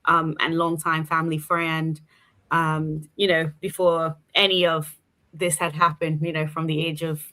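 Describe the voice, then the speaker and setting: Bright-voiced Bermudian woman, chatty. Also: low voice, flat delivery. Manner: chatty, many fillers, quick laughs. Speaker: guest politician. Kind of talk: casual interview conversation.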